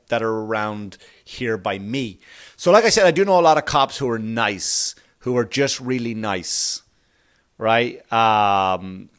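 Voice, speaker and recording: A man's voice: medium pitch, fairly bright tone. A male comedian hosting a podcast, telling a rambling, profane story in a comedic monologue.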